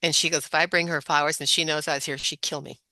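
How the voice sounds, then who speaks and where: A woman with a somewhat low, bright and forceful voice, captured on a dry close mic. She tells anecdotes in a loose, rambling way, looping back with "you know" as she goes. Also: fast talker, dry recording. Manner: rambling, animated storytelling with many "you know"s. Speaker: guest, functional medicine practitioner. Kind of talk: storytelling interview.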